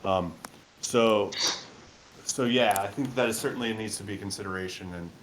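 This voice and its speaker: A man with a fairly low voice walks through a technical overview and fields audience questions. He sounds eager and informal, leaning on fillers as he goes. There is a faint hiss under his voice. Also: moderate pace. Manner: enthusiastic, loose, filler-heavy. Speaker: presenter of the SDK overview. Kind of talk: technical talk and Q&A answers.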